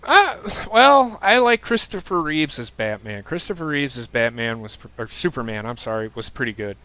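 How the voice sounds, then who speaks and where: A man's voice: medium pitch, very animated, normal speed, bright, forceful tone, clear, resonant tone, no echo, low-quality recording. A man hosting a casual chat show, giving blunt opinions and swearing freely. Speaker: podcast host.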